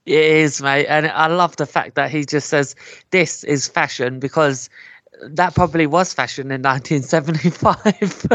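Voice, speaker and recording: Scottish guest, male, slightly high voice, dry sound, easygoing chat. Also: steady tone, normal speed, fairly bright tone, no room sound. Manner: laughs easily, short agreeing replies. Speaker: podcast guest. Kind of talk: casual chat.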